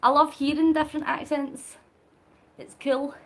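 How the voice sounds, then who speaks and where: High-voiced woman chatting while cycling. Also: flat delivery, normal speed. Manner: chatty, greets viewers and answers chat; talking while cycling on a long charity ride. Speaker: live-stream host. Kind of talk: casual live-stream chat.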